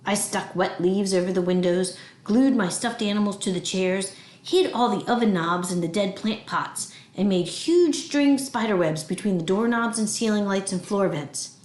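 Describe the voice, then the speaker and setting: A woman reading a children's novel aloud with expressive storytelling. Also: medium pitch, normal speed, reverberant. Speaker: audiobook reader.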